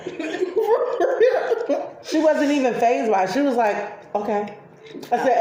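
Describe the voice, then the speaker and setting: Laughing chatty mom vlogger, roomy kitchen. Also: female voice, medium pitch, normal speed, pauses often, dark tone, a little hiss or hum. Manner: chatty, laughs often while telling stories. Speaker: vlogger and mother. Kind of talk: casual family storytelling over breakfast. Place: home kitchen table.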